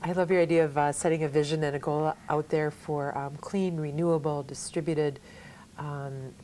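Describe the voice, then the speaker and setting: A woman who is a rabbi joins as a guest, speaking with a notably low voice. She chats in a friendly way, with easy fillers. Faint ambience runs beneath. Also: steady tone, moderate pace, dark tone, slight background noise. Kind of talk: casual chat.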